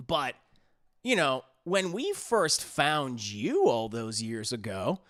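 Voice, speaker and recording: A man's voice: medium pitch, very animated, slow, a bit bright. A man voicing a cold, scheming little alien creature who lectures in a falsely innocent, condescending way. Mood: explaining. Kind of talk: animated recap voicing of a character.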